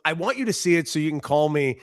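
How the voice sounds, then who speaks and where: A man's voice: on the high side, lively intonation, quick pace, dry recording, studio quality. Enthusiastic man gushing on a podcast. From Los Angeles. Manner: enthusiastic, emphatic, swears casually. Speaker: podcast co-host. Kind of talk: casual sports podcast chat.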